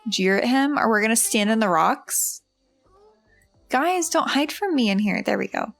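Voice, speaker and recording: A woman's voice: on the high side, lively intonation, moderate pace, creaky, a bit bright, soft background music. A woman hosting a casual let's-play, chatty and filler-heavy as she narrates her game. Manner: chatty, many fillers like "like" and "you know". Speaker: host, gameplay narrator.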